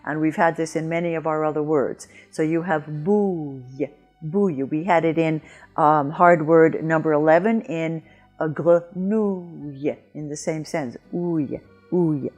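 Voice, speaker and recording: Female pronunciation teacher, low-set voice, slow careful modeling, faint music bed. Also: steady tone, a little mellow. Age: older. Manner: clear, deliberate, models sounds slowly. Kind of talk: scripted video lesson.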